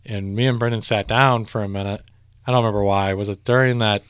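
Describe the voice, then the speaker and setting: A man's voice: fairly low pitch, fast talker, clear, resonant tone, no room sound, clean studio sound. A man co-hosting a podcast, telling concert stories in a casual, profane way. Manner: profane, animated storytelling. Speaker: podcast co-host. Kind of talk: casual chat.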